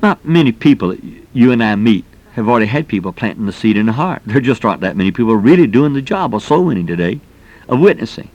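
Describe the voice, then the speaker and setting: Male preacher, middle-aged, folksy and emphatic delivery, mid-range pitch. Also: very animated, fast, a little mellow, dull audio. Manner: folksy and emphatic, exclamations of "man". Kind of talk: sermon.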